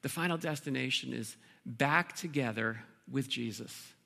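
A man preaching a sermon as pastor, earnest, with pauses and repeated words. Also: medium pitch, gravelly, pushed and bright.

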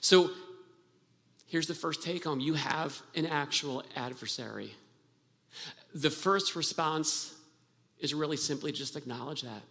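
A man's voice: fairly high pitch, sharp tone. A pastor preaching a sermon, earnest and emphatic, often restarting his phrases. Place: church sanctuary. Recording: long hall reverb from a church.

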